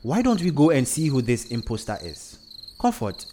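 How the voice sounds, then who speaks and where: A man's voice: mid-range voice, huge pitch swings, normal speed, slight background noise. A man voicing a devout middle-aged woman who takes charge firmly in a storybook reading. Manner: firm and commanding, sometimes soft. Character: devout middle-aged woman, firm older sister's protector.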